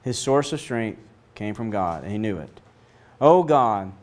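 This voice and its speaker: Man, middle-aged, Bible teacher, lively storytelling, acts out the voices, smooth clear voice. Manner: storytelling, acts out voices with big pitch swings.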